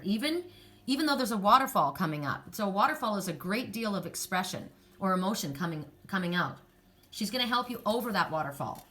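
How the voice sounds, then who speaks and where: A woman's voice: mid-range voice, big pitch swings, fairly quick, fairly bright tone. An older woman giving a casual, rambling oracle card reading, with frequent restarts and laughter.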